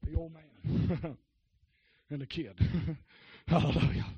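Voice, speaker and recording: A male preacher giving a fervent holiness sermon, shouting and calling out to the congregation. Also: fairly high pitch, fairly even intonation, slow, slightly rough, no echo, highs cut off. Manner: exclaims, shouts and calls out to the congregation.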